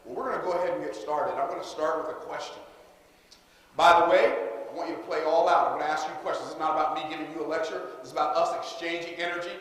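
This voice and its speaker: A man's voice: a little high, fairly even intonation, fast, fairly bright tone. A man giving a motivational seminar talk, energetically getting the audience to call back and repeat his lines. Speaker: seminar speaker. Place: large conference hall. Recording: echoey hall, faint room noise.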